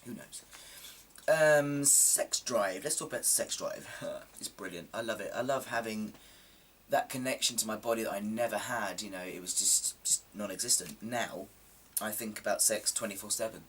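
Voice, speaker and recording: A man talks casually to his camera in a lowish voice that sounds slightly coarse and sore. He rambles along, self-deprecating, with lots of ums. The mic sits a little distant, with faint background hiss. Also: normal speed, a bit bright. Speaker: vlogger.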